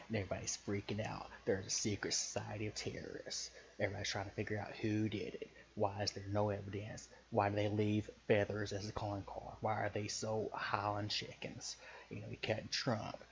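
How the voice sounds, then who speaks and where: A man with a Southern US accent pitching a story in loose, profane, hesitant casual talk full of fillers. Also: creaky. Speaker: podcaster pitching a story idea. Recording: muffled recording with faint hiss.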